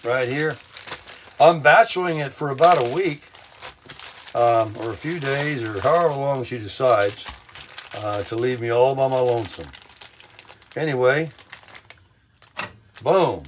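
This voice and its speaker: An older man chats cheerfully to his phone on a selfie stick while bacon sizzles faintly nearby. His voice sits at an ordinary middle pitch but is a little hoarse, and he keeps clearing his throat. He talks in a loose, self-amused way from a small camper kitchen. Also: measured pace, pauses often, slight background noise, low-quality recording. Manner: upbeat, chatty, self-amused. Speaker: vlog host. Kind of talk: casual chat while cooking. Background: bacon frying.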